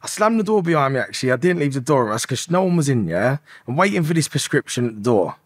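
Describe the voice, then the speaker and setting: A man's voice: medium pitch, big pitch swings, fast talker, dry recording, clean studio sound. A man in his thirties, a podcast guest, telling his story in an emotional, rambling way and swearing often. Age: 30s. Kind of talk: candid confessional storytelling.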